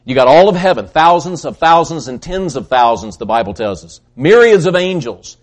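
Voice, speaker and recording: A man preaching a sermon, swinging between loud emphatic peaks and hushed, soft passages, often repeating words as he builds. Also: on the high side, moderate pace. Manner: repeats words when excited.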